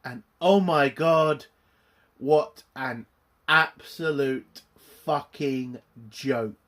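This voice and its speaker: A man's voice: fairly high pitch, very slow, fairly bright tone. A man reviewing a TV episode in a furious, profanity-heavy rant. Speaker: YouTube reviewer. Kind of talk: angry ranting review.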